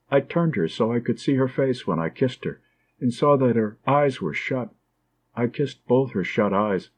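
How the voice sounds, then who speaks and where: A man reads an audiobook in a calm, measured voice. His pitch sits in the middle range. The recording is a little muffled and lo-fi. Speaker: audiobook narrator. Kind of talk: audiobook narration.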